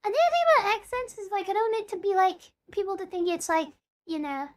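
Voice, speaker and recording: Woman VTuber, casual live-stream chat, very high pitch, bubbly, playful meows. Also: fast. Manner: bubbly, chatty, meows between sentences.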